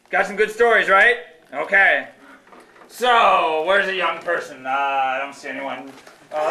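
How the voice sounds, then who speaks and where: A man's voice: high voice, vocal fry, bright, forceful tone, full character voice. A man voicing a pushy, upbeat army recruiter puppet who talks like a salesman in a live puppet show, recorded in an echoey hall. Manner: salesy, cheerleading.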